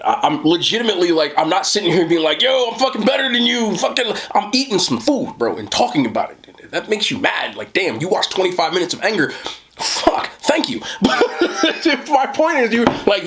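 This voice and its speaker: A young man rambling in casual talk while eating on camera, swearing and saying "bro" a lot. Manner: animated, swings from low mutter to high laughing jabs. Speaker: mukbang creator.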